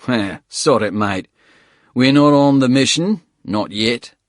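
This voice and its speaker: A man's voice: medium pitch, slow pace, no room sound, studio quality, pitched above the performer's own voice, lightly acted. Man voicing a rusty-voiced Australian brute. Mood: gruff friendly. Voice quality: throaty, rusty. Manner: loud, blokey, boastful. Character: burly rough Australian ex-soldier, male, middle-aged.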